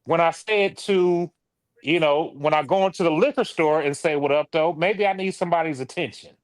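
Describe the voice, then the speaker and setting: Detroit man, podcast co-host, animated storyteller, fairly high voice, dry close mic. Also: fairly quick, dry recording. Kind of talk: casual chat.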